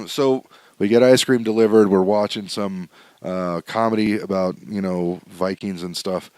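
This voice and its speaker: A man's voice: lowish voice, steady tone, a little slow, no echo. A man hosting a podcast from home, telling a candid, rambling story with lots of fillers and restarts. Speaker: podcast host. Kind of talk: casual storytelling monologue. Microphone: home setup, still adjusting sound.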